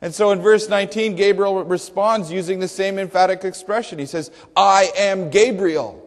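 A man's voice: high-pitched, steady tone, a little fast. A male pastor preaching a sermon emphatically, with rhetorical questions and dry humor. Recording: long hall reverb.

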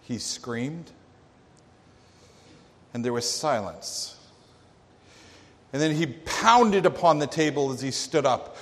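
Man preaching real slow, dramatic storyteller, big hall echo. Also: fairly high pitch, expressive. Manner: dramatic storyteller with emphatic pauses. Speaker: pastor. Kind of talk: sermon. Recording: long reverb of a large hall.

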